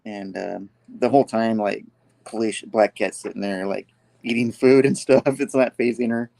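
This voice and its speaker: A man's voice: on the low side, steady tone, normal speed, vocal fry, dark tone, no echo. A man recapping a comic book issue in casual chat, rambling with lots of "like" and "you know.".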